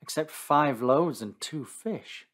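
A man's voice: on the high side, animated, slow, fairly bright tone, voice pushed up, exaggerated voice. A man reading the worried disciples. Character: anxious male disciples speaking together.

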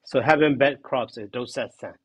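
Man, grammar teacher, slow repetition of terms, dry close sound. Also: mid-range voice, breathy edge, dry recording. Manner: slow, repeats terms and glosses them. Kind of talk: classroom grammar lesson.

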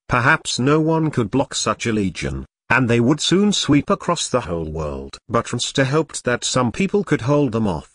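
A man reading a translated fantasy web novel aloud as an audiobook narrator, in an even storytelling manner. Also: mid-range voice, moderate pace, few pauses, husky, no room sound, clean studio sound.

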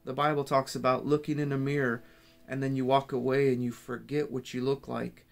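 A man's voice: medium pitch, flat delivery, a little fast, gravelly. A man giving an earnest, rambling personal faith testimony, often restarting his sentences. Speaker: Christian speaker.

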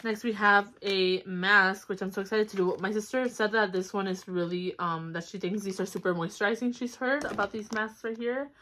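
A woman's voice: mid-range voice, steady tone, moderate pace, hardly any pauses, a bit bright. A young woman chatting casually at home to a camera on a stand, upbeat and full of fillers. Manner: chatty, upbeat, with fillers and little squeals of delight. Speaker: vlogger. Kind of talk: casual haul vlog chat. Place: home, indoors.

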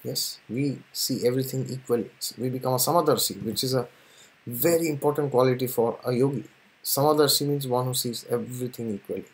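A man's voice: medium pitch, fairly quick, a little mellow. A man hosts a casual spiritual talk, speaking animatedly and often dropping in "yes" between his points. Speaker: spiritual and astrology channel host.

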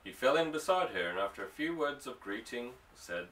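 A man narrating an audiobook, telling the story in a steady way. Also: mid-range voice, fairly quick, few pauses. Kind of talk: scripted narration. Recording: distant mic.

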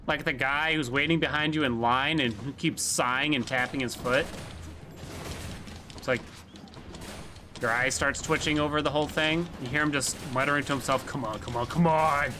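A man's voice: medium pitch, fairly even intonation, normal speed, long pauses, background noise. A man streaming a video game, chatting casually and rambling with jokes to his chat as he plays. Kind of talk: casual gameplay commentary.

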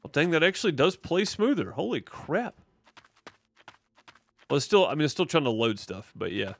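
A man with a Mississippi drawl streams a game and talks over it loosely in a slightly high, sing-song voice at a moderate pace. He rambles, replies to his chat, and leans on fillers throughout.

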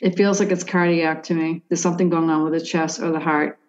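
A woman with a lowish voice works through a psychic reading, hesitating, restarting and leaning on "like" as she goes. The sound is dull and lo-fi. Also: little pitch movement, brisk. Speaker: psychic medium. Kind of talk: conversational reading for a sitter.

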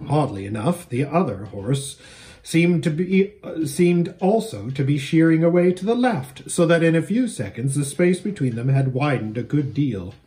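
A man, a pastor, reading a children's book aloud in an expressive, animated storytelling manner. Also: on the high side, normal speed.

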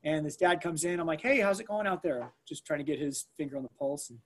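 A man recounting an emergency at school in a conversational interview. He talks in an animated way, with many fillers and restarts, and acts out the things people said. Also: on the high side, fast.

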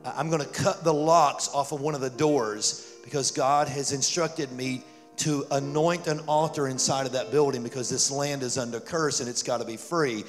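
A male pastor telling a story in a sermon, animated and rising to loud fervor. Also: medium pitch, normal speed. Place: church sanctuary. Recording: church hall reverb with music.

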